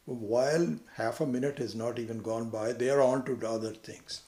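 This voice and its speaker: Man, spiritual teacher, conversational lecture, mid-pitched voice, roomy echo. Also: fairly even intonation, normal speed, few pauses, a little mellow. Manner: conversational, acts out quoted people with sudden high pitch. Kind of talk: lecture on scripture.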